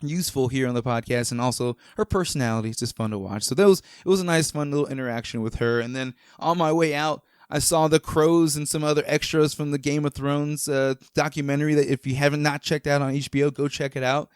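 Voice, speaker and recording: A man's voice: on the high side, fairly even intonation, quick pace, few pauses, clean tone, no room sound, studio quality. A man hosting a podcast, chatting casually and rambling with enthusiasm, with many fillers and restarts. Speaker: podcast host. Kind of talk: casual chat.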